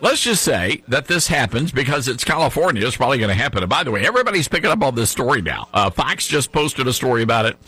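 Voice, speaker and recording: Forceful, husky male talk host. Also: mid-range voice, very animated, quick pace, few pauses, no echo. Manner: reads headlines aloud, then presses a co-host with questions. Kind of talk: talk show commentary.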